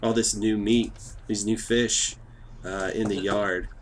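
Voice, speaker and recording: A man from Texas hosting a podcast, hyped up, fast-talking and joking. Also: lowish voice, level tone, slight background noise. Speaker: podcast host. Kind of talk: casual chat.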